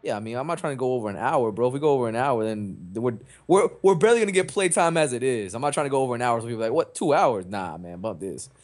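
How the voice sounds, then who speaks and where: A man hosting a podcast in casual chat, joking with drawn-out, teasing delivery. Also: mid-range voice, expressive. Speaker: podcast host.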